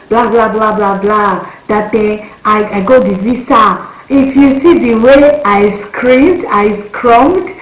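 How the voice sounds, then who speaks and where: A young woman in her twenties with a Nigerian accent, telling a story to her viewers in a lively, exclamatory way with her voice leaping up when she gets excited. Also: mid-range voice, roomy sound, low-quality recording. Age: 20s. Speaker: vlogger. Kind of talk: casual storytelling rant.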